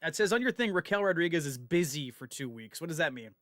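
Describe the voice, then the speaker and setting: A man's voice: fairly high pitch, quick pace. A man co-hosting a gaming stream, chatting casually and laughing as he tells stories. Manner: animated, laughs while telling stories. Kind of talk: casual chat while playing.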